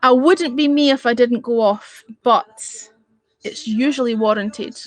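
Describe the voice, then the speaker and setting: A woman's voice: on the high side, measured pace. A woman chatting with viewers on a livestream, blunt and full of swearing as she rants. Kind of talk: casual live-stream chat.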